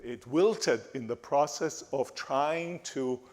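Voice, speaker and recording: A man giving a talk in a church, speaking haltingly with frequent restarts and fillers. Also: mid-range voice, a little mellow. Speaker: guest speaker. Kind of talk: church lecture. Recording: reverberant church hall.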